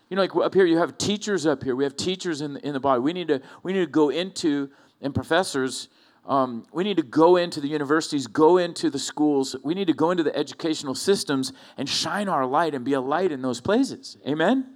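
A man's voice: a little high, brisk. A middle-aged man preaching a sermon in a loose, conversational way, acting out little quotes as he tells stories. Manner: conversational, animated storytelling with acted-out quotes. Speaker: pastor.

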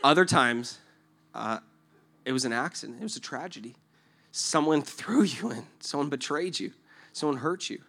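Earnest, bright-voiced male preacher. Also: medium pitch, animated, normal speed. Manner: earnest, conversational, keeps asking "right?". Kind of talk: sermon with acted illustration.

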